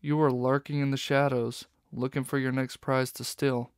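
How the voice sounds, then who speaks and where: A man's voice: medium pitch, little pitch movement, normal speed, smooth, no echo, studio quality, close to an everyday voice. A man doing a fierce fox police inspector. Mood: scornful. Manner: stern, snapping retorts.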